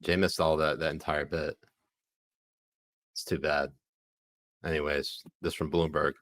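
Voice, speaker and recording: A man's voice: a bass voice, level tone, normal speed, fairly bright tone, no room sound. A man co-hosting a podcast in casual, crude banter, laughing often. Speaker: podcast co-host.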